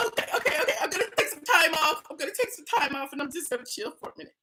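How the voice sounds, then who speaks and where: A woman's voice: high voice, very animated, quick pace, pushed and bright, exaggerated voice. A woman acting out a self-pitying female blogger in an overdone, sobbing voice. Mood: mock-tearful. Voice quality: melodramatic, sobbing.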